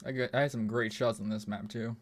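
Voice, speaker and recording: Over his gameplay, a young streamer rambles casually and swears constantly, laughing easily between comments. His voice is at an ordinary middle pitch, with a steady tone and a brisk delivery.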